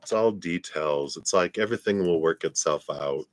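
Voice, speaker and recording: A man's voice: low voice, moderate pace, dry recording. A man giving a live-stream tarot reading in a laid-back, rambling way, often laughing and trailing off. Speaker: tarot reader.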